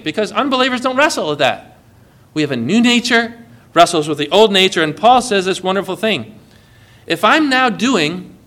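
A man's voice: high-pitched, bright, forceful tone. A man preaching a sermon as pastor, quoting scripture with impassioned emphasis.

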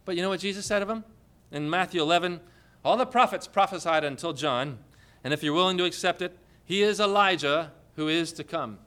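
Male pastor, high bright voice, lively sermon delivery that quizzes the congregation. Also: brisk, clear, resonant tone. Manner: lively, asks the congregation questions.

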